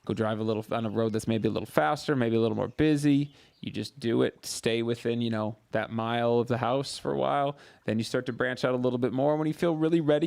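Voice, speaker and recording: Man, therapist live-stream host, gravelly edge, coaching tone, repeats key phrases, mid-pitched. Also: a little mellow. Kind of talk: live-stream advice answering viewer questions.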